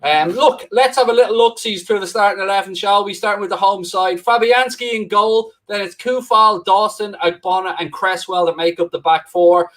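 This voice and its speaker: A man's voice: high-pitched, normal speed, few pauses, a bit bright. An Irish man hosting a live football watchalong, chatting directly to viewers. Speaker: stream host.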